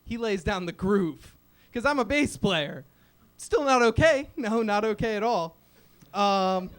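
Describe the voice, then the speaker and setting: A man's voice: sits high, clear, resonant tone. A young man doing a rambling, self-deprecating stand-up set at an open mic, full of fillers. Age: young adult. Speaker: stand-up comedian. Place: small open-mic venue stage.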